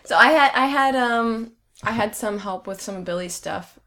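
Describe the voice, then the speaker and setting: A woman talks casually in an interview, warm with laughter. She is chatty and quick to giggle. She sounds easygoing and unrehearsed. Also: a little high. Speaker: filmmaker interviewee.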